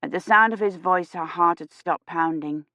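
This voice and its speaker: A woman with a lowish voice narrates an audiobook from a script, keeping her storytelling measured and even. The recording is dry.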